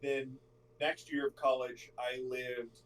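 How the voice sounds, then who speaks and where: A man's voice: medium pitch, flat delivery, slow pace. A laid-back young man swapping stories with his gaming friends, cursing now and then. His voice sits in an ordinary middle range. He sounds set back from the microphone. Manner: laid-back, swearing, storytelling. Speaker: tabletop game player. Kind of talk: casual chat among friends. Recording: distant mic.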